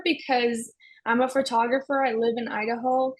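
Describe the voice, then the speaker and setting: A woman's voice: high voice, little pitch movement, brisk, rough recording. A young woman guest on a podcast, talking casually with many "like"s and frequent laughter. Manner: chatty, lots of "like", laughs often. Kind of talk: casual chat.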